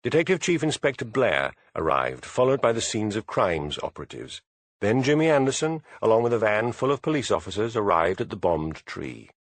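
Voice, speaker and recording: A man narrating an audiobook in a measured storytelling manner. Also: on the low side, very animated, no echo. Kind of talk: scripted narration.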